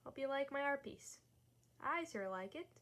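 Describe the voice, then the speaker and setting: A woman with a fairly high voice talks through her coloring and drawing as she goes. Her narration is casual and chatty, and it rambles with frequent restarts. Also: animated, moderate pace, background noise. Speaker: art channel creator.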